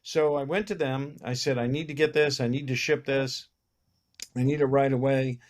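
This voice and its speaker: A man's voice: mid-range voice, moderate pace. A man, a film producer, telling anecdotes in a casual interview and acting out the lines of the people in his stories. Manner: animated anecdote teller who acts out other people's lines.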